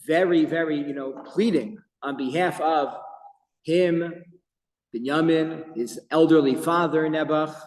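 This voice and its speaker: A man teaching a Torah class as a rabbi, telling the story with lively emphasis and quoting Hebrew verses. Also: on the high side, unhurried. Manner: animated storytelling with Hebrew quotes. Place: office. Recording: echoey room with long reverb.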